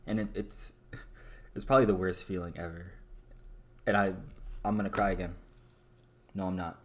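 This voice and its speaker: Deep-voiced young man rambling confessionally. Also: fairly even intonation, normal speed. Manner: rambling, self-deprecating, swears casually. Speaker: vlogger. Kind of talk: casual confessional monologue.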